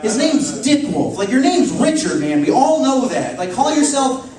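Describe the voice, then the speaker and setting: A man doing a profane, deadpan stand-up routine on a comedy club stage, with the audience laughing. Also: very high voice, normal speed. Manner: deadpan, profane, mocking repetition. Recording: echoey club, distant mic, crowd.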